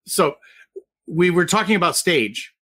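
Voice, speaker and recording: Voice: mid-range voice, animated, measured pace, bright, forceful tone, breathy edge. A host interviewing a guest over a video call, speaking conversationally and steering the talk with questions.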